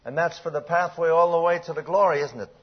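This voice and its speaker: An older man preaching a sermon, reading old-style scripture aloud and swinging between hushed, drawn-out lines and emphatic, raised passages, often clearing his throat. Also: on the high side. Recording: dull lo-fi recording.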